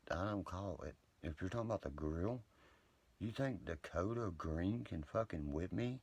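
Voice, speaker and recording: A man's voice: sits low, lively intonation, normal speed, darkish tone, husky. A man rambling at night on a live stream, profane, boastful and heated. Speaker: livestreamer talking to viewers. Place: indoors at home, late at night.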